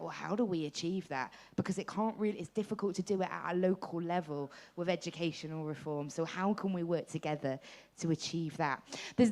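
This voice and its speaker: A woman's voice: mid-range voice, a little mellow. A woman leading a group discussion, friendly and encouraging as she invites people to speak. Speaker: workshop facilitator.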